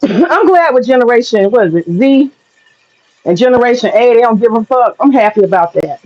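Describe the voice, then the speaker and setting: A high-pitched woman rants to her livestream chat in a blunt, profane, laughing way. Her voice comes through a dull, lo-fi recording with a faint hiss underneath. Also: lively intonation, brisk, a little mellow. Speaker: streamer. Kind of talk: casual livestream rant to chat. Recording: dull lo-fi sound with faint noise.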